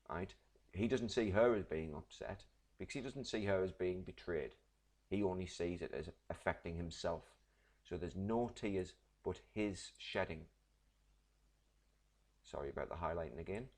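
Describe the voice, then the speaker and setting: A man, teaching a literature lesson, explaining patiently and checking in with "right?". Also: sits low. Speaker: English teacher.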